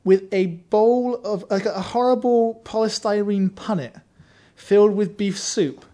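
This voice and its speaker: A man's voice: high-pitched, measured pace, mellow. A man who writes for a games magazine, telling a wry, self-mocking anecdote in casual podcast chat.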